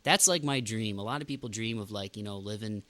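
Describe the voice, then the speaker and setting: A man's voice: lowish voice, brisk, a bit bright. A man hosting a podcast in casual chat, ranting with emphatic outbursts. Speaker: podcast host.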